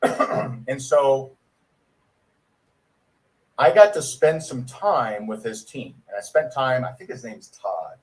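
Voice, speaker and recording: A man giving a sales training talk, rambling and clearing his throat often. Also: mid-range voice, lively intonation, takes it slowly, long pauses, low-quality recording.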